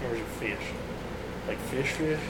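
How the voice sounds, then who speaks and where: A man's voice: mid-range voice, normal speed, roomy sound, background noise. A young man in casual chat, joking crudely and laughing through rowdy banter.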